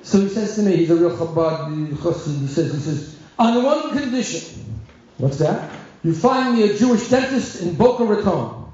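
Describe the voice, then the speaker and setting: Animated storytelling rabbi in echoey hall. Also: male voice, fairly high pitch, normal speed, slight background noise. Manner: animated storyteller, acts out voices and shouts. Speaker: rabbi giving a talk. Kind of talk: storytelling talk to an audience. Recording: dull lo-fi sound in a very echoey hall.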